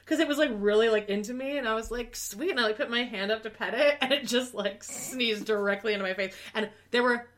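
A woman chatting casually as a podcast co-host, her voice sitting a little high. She laughs often and leans on "like" as she talks. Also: brisk, hardly any pauses, fairly bright tone. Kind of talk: casual chat.

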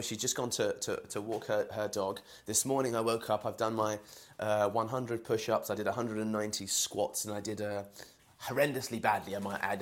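A man from London with a London accent, talking through a casual solo podcast in a home, rambling with many fillers and restarts. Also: on the low side. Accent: London English. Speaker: podcast host. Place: indoors in a home kitchen while boiling eggs.

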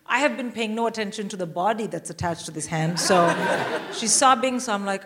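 A woman's voice: mid-range voice, brisk. A middle-aged woman from India telling a comic story on stage, acting out the quotes and swearing freely. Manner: animated, swearing, acts out quotes. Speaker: guest comedian. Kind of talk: live stand-up storytelling. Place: live theatre stage with audience. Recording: loud noise from live venue.

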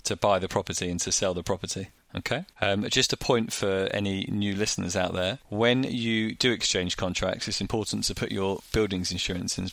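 A man's voice: lowish voice, steady tone, fairly quick, creaky, few pauses, fairly bright tone, no echo. A man co-hosting a casual podcast, chatty and teasing, laughing often. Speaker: podcast co-host.

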